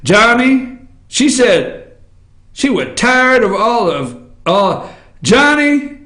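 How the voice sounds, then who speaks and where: A man hosts an opinion show, his voice unusually high and swinging wildly up and down. He rants loudly and laughs as he talks. The sound bounces around an echoey room. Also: extremely slow, pauses often. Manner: loud, laughing, animated ranting. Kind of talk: excitable political commentary.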